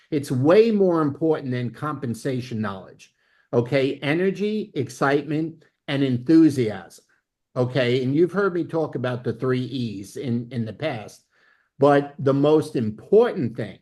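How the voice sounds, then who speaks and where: A man leading a network marketing training, speaking emphatically and often checking in with "okay?". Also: mid-range voice. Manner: emphatic, peppers lines with "okay?"; excitable, bursts of laughter. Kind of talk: motivational training talk.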